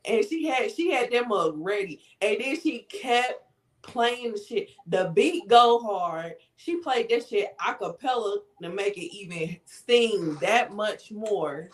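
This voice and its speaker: A woman's voice: mid-range voice, animated, takes it slowly. A woman co-hosting a podcast, giving emphatic, profane commentary in a casual chat. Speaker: podcast co-host.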